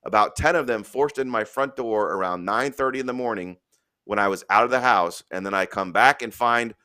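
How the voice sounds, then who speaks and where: A man's voice: fairly low pitch, fairly quick, pushed and bright, clean tone. Blunt, profane male stream host. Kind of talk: opinionated casual talk.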